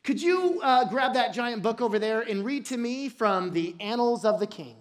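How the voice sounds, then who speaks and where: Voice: mid-range voice, animated, moderate pace, natural voice. A preacher voicing a narcissistic male king in a put-on British accent, lordly and pompous, while retelling a story in a sermon. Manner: pompous, lordly, self-absorbed.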